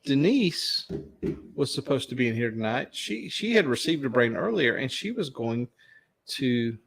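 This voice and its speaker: A man with a Southern US accent hosts a relaxed trivia night, chuckling often as he reads out questions. His pitch rises and falls a lot, in a middle register. He keeps it loose and chatty. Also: unhurried, gravelly, a little hiss or hum. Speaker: trivia host. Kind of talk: casual live-stream chat.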